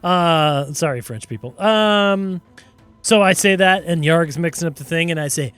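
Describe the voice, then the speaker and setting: A man plays a tabletop game with gleeful, hammy bluster, threatening a captive in character and joking at the table. His voice is on the high side. Faint music sits under the talk. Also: measured pace, a bit bright, smooth. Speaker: player.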